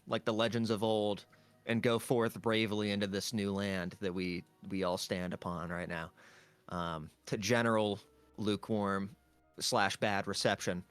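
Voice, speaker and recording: A man's voice: lowish voice, little pitch movement, a little slow, clear, resonant tone, dry recording, faint music behind. A man, a tabletop game player, casually recapping a session in a rambling way with lots of fillers.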